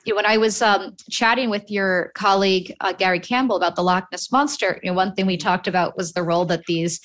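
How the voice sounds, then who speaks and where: A woman's voice: mid-range voice, steady tone, fairly quick, a bit bright. A woman podcast host asking long, rambling interview questions full of fillers.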